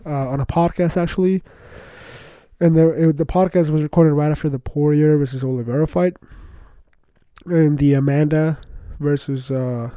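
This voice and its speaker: A young man hosting a podcast, rambling excitedly in casual slangy chatter, full of "bro" and "like". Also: fairly high pitch, clear, resonant tone, no room sound. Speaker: podcast host. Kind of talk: casual solo podcast talk.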